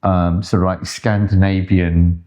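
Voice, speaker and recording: A man's voice: low voice, level tone, measured pace, dark tone. An older man, co-host of a home channel, chatting in a rambling, self-deprecating way. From England. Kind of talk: casual chat.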